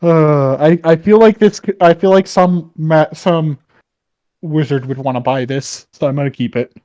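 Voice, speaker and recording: A man with a notably high voice plays a tabletop game, chatting casually and swearing freely. He rambles and restarts as he thinks out loud. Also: normal speed. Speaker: player.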